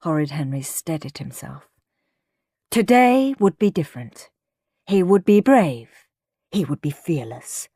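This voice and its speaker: A woman narrating a children's storybook with unhurried, expressive delivery. Her pitch rises and falls a lot as she builds the story. The recording is close and dry, with no room sound. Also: breathy edge, dry recording. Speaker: audiobook narrator.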